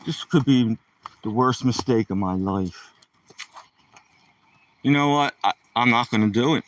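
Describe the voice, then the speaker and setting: A man's voice: medium pitch, unhurried, distant mic, slight background noise. A man chatting casually while walking his dog outdoors, rambling and joking to the dog and the camera. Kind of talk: casual vlog chat.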